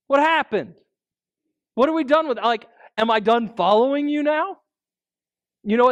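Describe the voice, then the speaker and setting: High-voiced pastor preaching conversationally. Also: male voice. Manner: conversational preaching, frequent rhetorical asides. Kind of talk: sermon.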